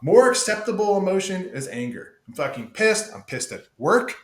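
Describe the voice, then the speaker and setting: A man's voice: high voice, sing-song, normal speed, echoey room, rough recording. A man talking candidly as a podcast guest, emphatic and profane, calling the host "dude" often. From United States. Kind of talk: casual candid conversation.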